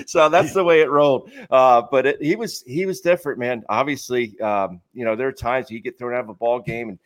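A man's voice: mid-range voice, fairly quick, few pauses. A middle-aged man, a podcast guest, chatting casually and reminiscing with frequent laughter. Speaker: guest, former ballplayer. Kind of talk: casual sports podcast chat.

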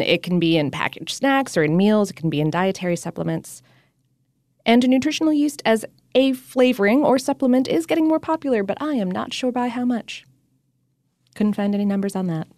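A woman's voice: mid-range voice, darkish tone, no room sound, studio quality. A woman co-hosting a casual podcast, talking in a chatty, upbeat way. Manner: chatty and upbeat, with frequent fillers and laughs. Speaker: podcast co-host.

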